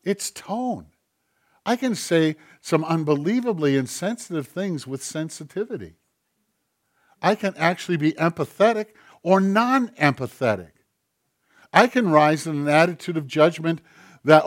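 A man's voice: a little high, lively intonation, moderate pace. A man preaching a sermon in a conversational way, acting out quoted voices as he goes. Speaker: pastor.

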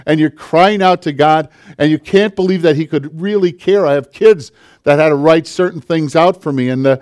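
A male pastor preaching a sermon with passion, swinging from forceful declarations to hushed, intimate asides. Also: on the high side, normal speed.

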